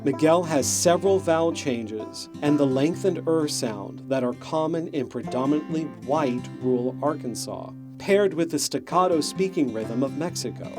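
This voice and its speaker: A man reading scripted documentary narration in a measured, explanatory tone. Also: a little high. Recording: narration over guitar music.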